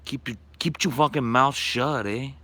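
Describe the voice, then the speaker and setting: A swaggering tough guy throws out taunts and threats, cursing freely, voiced by a man. The tone is bright and forceful, and the voice stays in a middle register. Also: mid-range voice, moderate pace, a little hiss or hum, natural voice. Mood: menacing taunt. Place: backyard at night, outdoors.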